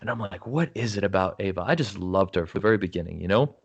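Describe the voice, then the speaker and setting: A man's voice: sits low, animated, fast, breathy edge, dull audio. A man speaking as a podcast guest, telling his story frankly and earnestly, often saying "you know" and "right?" and restarting his sentences. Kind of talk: candid conversational storytelling.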